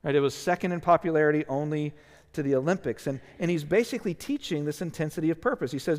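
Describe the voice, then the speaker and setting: A man's voice: a little high, fast. A male pastor preaching a sermon, earnest and emphatic, tired and often asking "right?". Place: church sanctuary. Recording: long reverb of a church hall.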